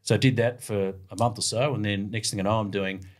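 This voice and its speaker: A man's voice: fairly low pitch, a little fast. A middle-aged man with an Australian accent, a radio sports broadcaster telling casual anecdotes as a guest. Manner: lively yarn-spinning, plays out the voices of others.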